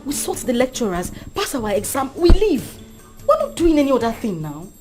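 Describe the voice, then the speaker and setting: A woman's voice: sits high, big pitch swings, normal speed, music in the background. An actress playing a scheming young female student with a Nigerian accent, coaxing and persuasive. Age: young adult. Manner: coaxing, persuasive, mixes Pidgin. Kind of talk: Nollywood-style skit acting.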